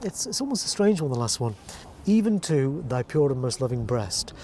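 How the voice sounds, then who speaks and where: A man teaching how to phrase verse, explaining calmly and reading lines aloud slowly and deliberately. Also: mid-range voice, a little hiss or hum. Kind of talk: verse-speaking lesson.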